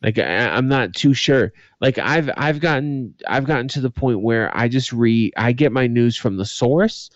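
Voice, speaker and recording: A man's voice: mid-range voice, normal speed, few pauses, dry recording, highs cut off. A man co-hosting a podcast in casual chat, swearing freely and speaking emphatically. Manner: profane, emphatic. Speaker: podcast co-host.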